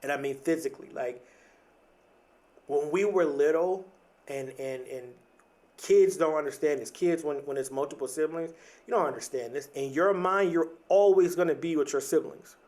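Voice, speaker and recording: Earnest man, higher voice. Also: moderate pace, darkish tone. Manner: earnest, repeats words and restarts, says "like" and "right?" often. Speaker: podcast host. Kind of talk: reflective motivational monologue.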